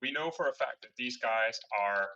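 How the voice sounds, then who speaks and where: A man's voice: mid-range voice, moderate pace, pushed and bright, highs cut off. A man playing a tabletop game, talking casually and rambling with many restarts. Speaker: player.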